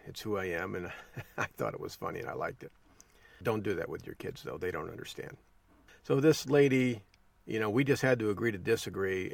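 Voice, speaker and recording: A man's voice: lowish voice, gravelly, dry recording, recorded from a distance. A man hosting a podcast, telling a folksy story in a casual monologue and chuckling along the way. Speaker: podcast host.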